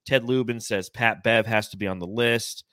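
A man's voice: fairly low pitch, steady tone, normal speed, bright, forceful tone, no echo, studio quality. A man hosting a casual sports podcast, joking and blunt with some swearing, reading viewer comments from a live chat. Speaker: podcast host.

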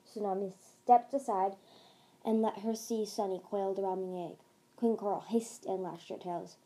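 Mellow-voiced woman reading a novel aloud. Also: medium pitch, normal speed, low-quality recording. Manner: steady reading with small slips and restarts. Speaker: podcast reader.

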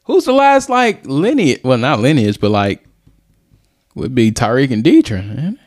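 A man in hosts a relaxed podcast conversation. His voice is lively and swings widely in pitch, leaping high on questions. He talks in a loose, rambling way. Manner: loose, rambling, quick jumps in pitch when asking. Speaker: podcast host. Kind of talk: casual chat.

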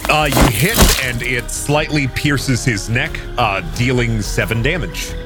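A man's voice: mid-range voice, unhurried, over loud music. A man narrating a tabletop game as game master in a casual way. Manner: casual, with fillers.

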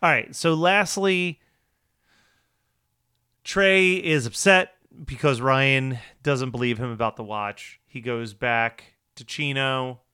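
A man's voice: mid-range voice, slow pace, bright, forceful tone, clean tone, dry recording, clean studio sound. A man co-hosting a podcast, recapping a TV episode in casual, wry chat and laughing often.

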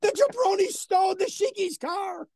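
A man putting on the voice of an excitable, distraught older wrestler who speaks broken English and bursts into shouts. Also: very high-pitched, normal speed, no room sound, clean studio sound, pitched above the performer's own voice. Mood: distraught, indignant.

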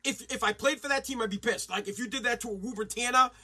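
Male sports ranter, high husky voice, profane and mocking. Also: fast talker. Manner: profane, mocking, shouts and mimics. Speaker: sports commentary host. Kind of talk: ranting sports commentary.

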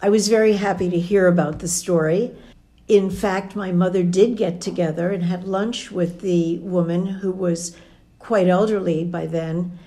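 A woman's voice: on the low side, steady tone, measured pace, warm tone. An older woman telling a personal family story in a conversational way. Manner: conversational, quotes dialogue as she tells it. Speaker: storyteller recounting a family memory.

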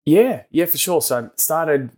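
A man's voice: fairly high pitch, lively intonation, measured pace, a little mellow. A man in his forties with an Australian accent, a guest chatting easily and laughing readily in an interview. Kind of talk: casual interview chat.

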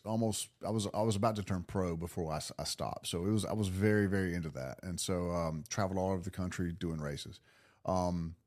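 A man guest on a podcast, telling a story in a casual, animated way, laughing and restarting his sentences. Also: low-pitched. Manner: animated, laughing, lots of restarts and acted self-talk.

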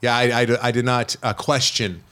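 A man from the United States co-hosting a casual film podcast, animated and teasing, playfully scolding his friend. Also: medium pitch, normal speed, clean tone. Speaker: podcast co-host, film reviewer. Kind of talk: casual chat.

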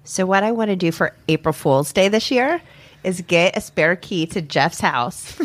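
A woman's voice: medium pitch, fairly bright tone. A woman co-hosting a casual podcast, teasing her friends playfully and giggling. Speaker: podcast co-host. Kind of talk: casual chat.

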